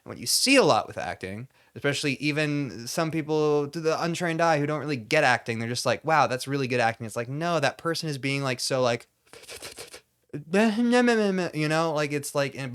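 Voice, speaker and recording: A man's voice: mid-range voice, fairly quick, a bit bright, smooth. A man rambling to camera in a mock-pompous voice, full of asides and restarts. Now and then he bursts into overwrought acting bits before sliding back into chatty lecturing. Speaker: comedy YouTuber. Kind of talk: satirical monologue to camera.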